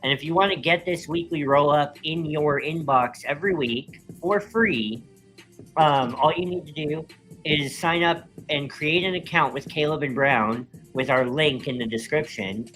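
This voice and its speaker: A man's voice: fairly high pitch, measured pace, a bit bright, faint music behind, low-quality recording. Easygoing man full of ums. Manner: easygoing, many filler ums. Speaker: co-host reading a sponsor roll-up. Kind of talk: casual chat and ad read.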